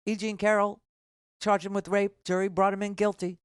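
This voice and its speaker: A woman's voice: medium pitch, little pitch movement, moderate pace, smooth, dry recording, clean studio sound. A middle-aged woman hosting a political talk radio show, combative and exasperated as she argues with callers' claims.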